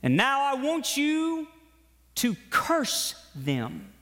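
A man's voice: very high-pitched, animated, measured pace, a bit bright, pitched above the performer's own voice, exaggerated voice. A preacher voicing a demanding, scheming king. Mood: commanding. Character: scheming, commanding ancient king. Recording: long hall reverb.

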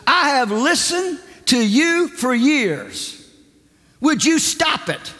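A man voicing an exasperated male pastor who scolds a complaining woman in a booming, commanding way. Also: expressive, unhurried, pushed and bright, in a large hall, exaggerated voice. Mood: scolding.

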